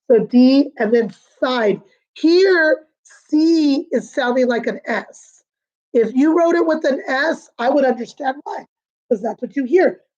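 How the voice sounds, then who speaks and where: A woman teaching a remote lesson to young children, patient and sing-song, repeating words slowly. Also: high-pitched, a little mellow, highs cut off. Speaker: kindergarten teacher.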